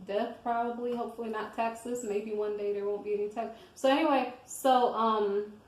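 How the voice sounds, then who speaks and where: Woman, fairly high voice, casual scripture commentary, rambling, conversational, echoey room. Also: fairly even intonation, moderate pace. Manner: conversational, rambling, checks in with listeners.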